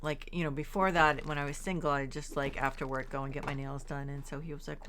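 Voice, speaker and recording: A middle-aged woman talks in a low, unhurried voice as she plays a game on stream, wandering between stories and chat messages. She sounds tired and yawns now and then while she gets over being sick. A faint hiss sits behind her voice. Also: fairly even intonation, fairly bright tone. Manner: rambling, chatty, reads chat aloud; frequent fillers and restarts. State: yawning, recovering from illness. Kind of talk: casual chat while playing.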